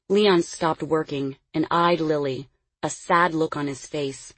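A woman reading an audiobook in measured storytelling narration, quietly delivering each dialogue tag. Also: low voice, steady tone, no room sound. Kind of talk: scripted narration.

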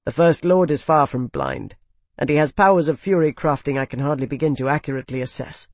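A narrator voicing a shrewd male advisor who speaks calmly and precisely, quietly cutting. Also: medium pitch, brisk, no echo, lightly acted. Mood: composed.

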